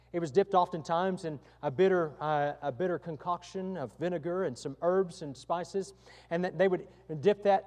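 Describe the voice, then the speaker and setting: A man's voice: fairly high pitch, a little mellow, in a large hall. A male pastor delivering a sermon, emphatic and given to repeating his phrases.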